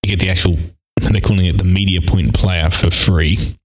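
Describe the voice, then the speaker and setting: A man's voice: deep voice, fairly even intonation, moderate pace, low-quality recording. Upbeat Australian man chatting tech. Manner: enthusiastic, laughs often. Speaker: podcast co-host. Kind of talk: casual tech chat.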